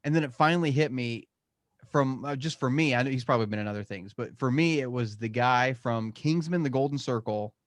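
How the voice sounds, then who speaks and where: A man's voice: mid-range voice, a little fast. A man co-hosts a casual chat, recorded dry and close with no room echo. He tells stories eagerly and acts out his own reactions as he goes. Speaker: podcast co-host.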